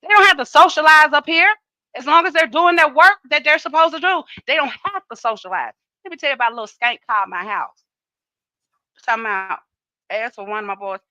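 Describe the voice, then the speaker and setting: Woman, middle-aged, bright voice, profane animated storytelling, dry close sound. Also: high voice, brisk, dry recording, dull audio. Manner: animated, profane, acts out dialogue. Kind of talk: casual storytelling.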